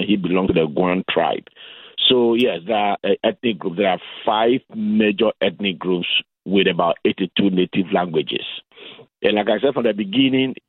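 A man from Ghana with a Ghanaian accent, calling in as a guest on a radio interview and explaining things in a measured way. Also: lowish voice, no room sound. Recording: phone-line sound.

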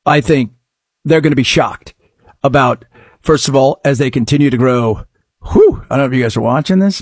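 A man's voice: medium pitch, moderate pace, breathy edge, no room sound, studio quality. A middle-aged man hosting a talk-radio show, delivering a sarcastic, opinionated monologue that swings between mutters and outbursts.

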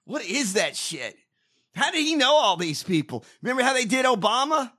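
A man rants about politics in a casual chat, swearing freely. His voice is high and lively, and it has a bright, forceful edge. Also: moderate pace. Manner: animated, cursing, ranting. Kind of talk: casual profane political rant.

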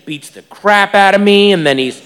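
Man putting on a weary young woman, blunt, flat delivery, reverberant live hall. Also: medium pitch, moderate pace, clear, resonant tone, lightly acted.

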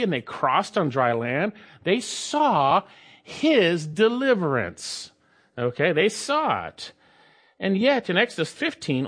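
Emphatic male pastor preaching. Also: a bit bright. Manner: emphatic preaching with sweeping shifts in pitch and pace. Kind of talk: sermon.

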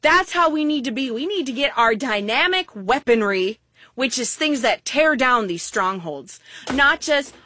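Speaking unhurriedly in a high-pitched voice, with no room sound, a woman gives a sermon full of humorous storytelling. She blends scripture and playful, exaggerated stories in an animated, vividly embellished style.

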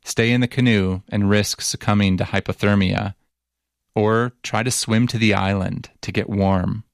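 A man narrating a documentary story as reporter in a measured, even way, also asking interview questions. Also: lowish voice, creaky, dry recording, clean studio sound.

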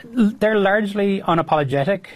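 A man's voice: high voice, lively intonation, moderate pace, no echo. A man answering as a reporter in a news interview, hedging with many fillers. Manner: hesitant, hedging, filler-heavy.

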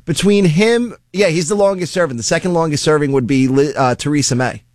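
A man's voice: a little high, fairly quick, darkish tone, no room sound, clean studio sound. A man co-hosting a talk show, reading out figures in a matter-of-fact way. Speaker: co-host. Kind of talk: casual chat.

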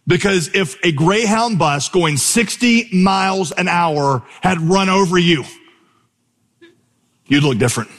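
A man preaching a sermon from a church stage, conversational and animated as he tells stories. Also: a little high, unhurried, long pauses. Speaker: pastor. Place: church stage before a congregation. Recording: live sermon in a reverberant hall.

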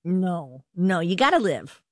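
A woman's voice: on the low side, sing-song, no room sound, studio quality. A woman co-hosting a casual radio show, chiming in with brief replies. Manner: brief interjections, quick to laugh along. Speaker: radio co-host.

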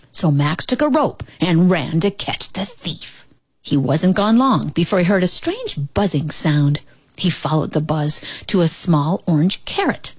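Expressive woman reading a picture book. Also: on the low side, a little slow, slightly rough. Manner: expressive, animated storytelling. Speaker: storybook reader. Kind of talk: children's picture book read-aloud.

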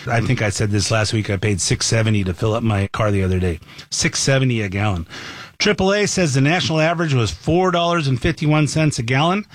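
A man's voice: medium pitch, fairly quick, no room sound. Opinionated male talk show host. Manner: opinionated, conversational. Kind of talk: radio talk commentary.

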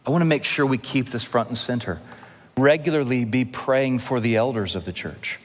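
A male pastor delivering a sermon in an earnest, measured way, with touches of gentle humor. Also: mid-range voice. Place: church sanctuary. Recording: long reverb of a church hall.

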